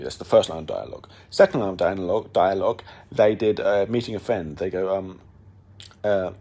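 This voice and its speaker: A man's voice: deep voice, expressive, fairly quick, vocal fry, mellow, husky. A young man talking casually on his own podcast, rambling with many fillers and restarts. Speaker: podcast host. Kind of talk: casual monologue.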